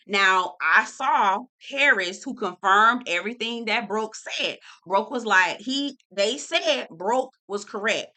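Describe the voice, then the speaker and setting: A woman's voice: mid-range voice, lively intonation, takes it slowly, few pauses, sharp tone. A woman reviewing a reality TV show in a casual vlog, sassy, blunt and profane, and she calls everyone "girl.".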